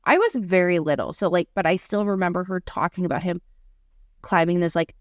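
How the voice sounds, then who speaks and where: A woman's voice: fairly low pitch, expressive, brisk, no echo, studio quality. A young adult woman, a podcast co-host, telling a story in casual chat and filling it with lots of "like". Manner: rambling, heavy use of "like" fillers.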